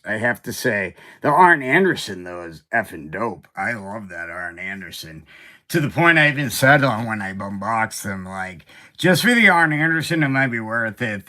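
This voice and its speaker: A man hosting his own show, chatting casually and rambling with lots of fillers and asides. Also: lowish voice. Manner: rambling and animated, with fillers and side remarks. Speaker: host. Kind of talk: casual chat about toy collecting.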